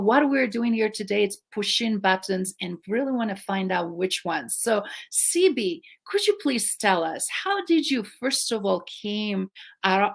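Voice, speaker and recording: A woman interview host who asks earnest, slightly halting questions. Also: medium pitch.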